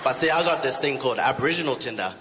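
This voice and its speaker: A man's voice: mid-range voice, lively intonation, rapid-fire, background noise. A man from Queensland with an Australian accent, doing casual, rambling stand-up comedy. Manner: casual, rambling, with frequent fillers. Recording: echoey hall with background ambience.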